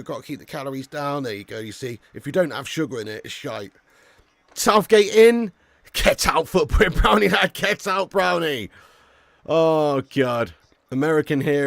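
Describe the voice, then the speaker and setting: In a dry recording, a young man hosts a live football watch-along in a mid-range voice. He chats loosely with his audience and reads out what they write, cursing without restraint and yelling with excitement at each chance.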